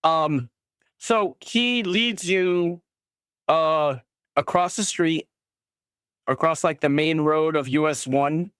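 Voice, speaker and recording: A game master narrating a tabletop game in a casual, halting way, with many fillers and quick voices for each character. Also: medium pitch, fairly bright tone, smooth, no room sound, clean studio sound.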